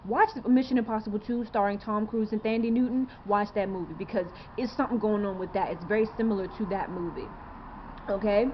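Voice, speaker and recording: A woman's voice: medium pitch, fairly even intonation, a little fast, dull audio, slight background noise. A woman in her twenties talking straight to camera in a rambling, earnest way, full of fillers and rhetorical questions. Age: 20s. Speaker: vlogger. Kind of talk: casual to-camera monologue.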